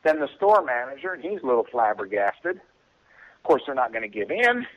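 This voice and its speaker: A man calls in to a radio show and tells a long story at a relaxed, mid-range pitch. He chuckles between lines and acts out what people said to him. The phone line sounds muffled and dull. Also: moderate pace. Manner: chuckling, acts out quoted voices. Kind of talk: casual storytelling.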